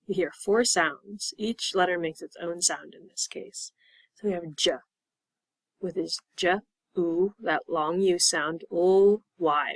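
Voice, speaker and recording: Slow, encouraging female ESL teacher. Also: fairly low pitch, no room sound. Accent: American. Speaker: English teacher. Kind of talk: ESL lesson.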